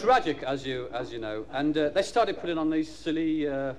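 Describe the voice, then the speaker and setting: A man's voice: on the high side, expressive, normal speed. A man performing live stand-up comedy, rambling and hesitant with many fillers. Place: theatre stage before an audience. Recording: noisy live recording with loud audience laughter.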